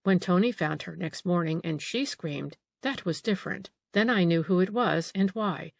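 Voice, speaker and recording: A woman's voice: lowish voice, moderate pace, creaky, no echo. A woman reading an audiobook, voicing an old female housekeeper who grumbles, frets and takes offence easily. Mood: fretful.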